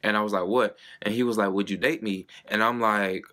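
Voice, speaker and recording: A young man spills a personal story straight to camera. His voice sits a little low, and he talks in a loose, chatty, dramatic way, swearing freely as he goes. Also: fairly even intonation, fairly quick, sharp tone. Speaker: vlogger. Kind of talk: casual storytime monologue.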